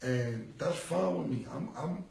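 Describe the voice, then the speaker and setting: A man's voice: on the high side, animated, a little slow, gravelly, a little mellow, echoey room, recorded from a distance, poor audio. A man in his forties in a casual livestream monologue, rambling and repeating himself in street slang. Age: 40s. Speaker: rapper. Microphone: phone.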